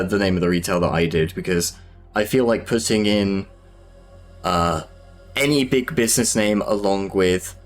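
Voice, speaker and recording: A man chatting casually on a live stream while painting, hesitant and rambling with many fillers and restarts. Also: lowish voice.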